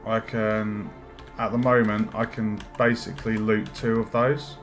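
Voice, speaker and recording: A man's voice: lowish voice, level tone, unhurried. Man thinking aloud while streaming game dev. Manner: thinking aloud, hesitant fillers, chatty with viewers. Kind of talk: casual live-stream commentary while working. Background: faint music and keyboard typing.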